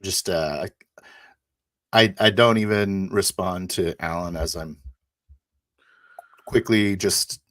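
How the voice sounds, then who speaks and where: Deep-voiced man role-playing a player character. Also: fairly bright tone, no echo. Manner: halting, describing actions in first person. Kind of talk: in-character tabletop role-play.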